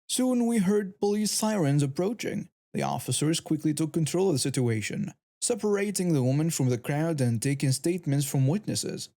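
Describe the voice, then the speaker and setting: A man giving a steady, scripted first-person narration of a story. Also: fairly high pitch, normal speed, few pauses.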